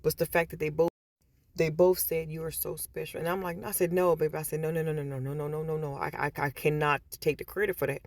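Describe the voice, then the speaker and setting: This woman speaks quickly in a deep voice with little pitch movement, and the recording has no room sound. Vlogging casually in a store, she chats repetitively with viewers and retells stories by quoting voices.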